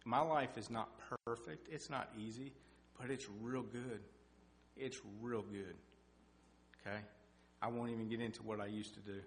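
A middle-aged man preaching a sermon with personal testimony, folksy and animated, his voice rising for emphasis. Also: moderate pace. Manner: folksy, animated, climbs in pitch and loudness for emphasis. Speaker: lay preacher. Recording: echoey hall with faint hum.

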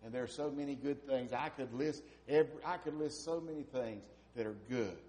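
A man in his fifties preaches a heartfelt sermon to his congregation. He drops to a near whisper, then builds to loud, emphatic peaks. His voice sits at an ordinary mid pitch. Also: brisk. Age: 50s. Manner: impassioned, swinging from hushed to loud emphasis. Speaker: pastor.

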